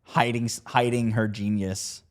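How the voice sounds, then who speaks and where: A woman co-hosting a podcast, tossing out quick sarcastic quips and teasing her co-host. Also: extremely low pitch, fairly even intonation. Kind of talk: casual chat.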